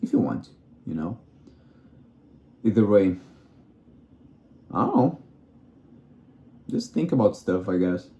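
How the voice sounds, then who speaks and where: A man's voice: sits low, very animated, slow, long pauses, mellow, muffled recording. A young man who is not a native English speaker, rambling through his own playful thoughts and questioning himself as he goes. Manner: wandering, self-questioning, playful. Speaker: vlogger. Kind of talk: rambling solo musing. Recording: roomy echo.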